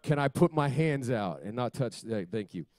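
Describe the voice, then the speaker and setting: A man preaching at a youth church service, fervent and emphatic, swinging from loud exclamations to quiet, hushed asides. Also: medium pitch, expressive, moderate pace, no echo. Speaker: youth pastor. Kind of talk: sermon.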